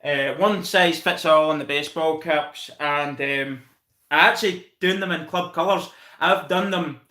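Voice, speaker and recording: A man's voice: on the high side, unhurried, bright, forceful tone, echoey room. A Scottish man hosting a casual live stream, chatting with viewers, thanking them by name and calling them mate. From Scotland. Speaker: channel host reviewing football.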